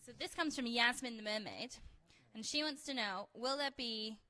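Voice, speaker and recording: Bright upbeat woman interviewer. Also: fairly high pitch, normal speed. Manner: upbeat, reads fan questions. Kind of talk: casual livestream interview. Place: London, indoors.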